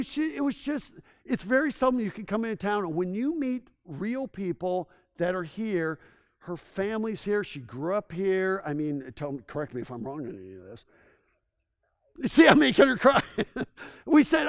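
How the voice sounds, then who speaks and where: A man's voice: on the high side, big pitch swings, normal speed. A man giving a rambling, enthusiastic presentation to a local audience, telling stories with frequent restarts. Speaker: presenter giving a town assessment.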